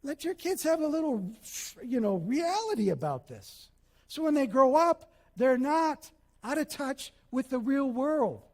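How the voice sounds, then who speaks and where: A male pastor preaching a sermon, animated, acting out little scenes and quotes as he goes. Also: very high voice, unhurried, long reverb tail.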